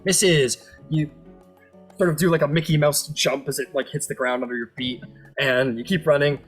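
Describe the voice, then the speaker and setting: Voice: mid-range voice, steady tone, moderate pace, slightly rough, faint music behind. A game master narrating a tabletop game loosely, thinking aloud and losing count.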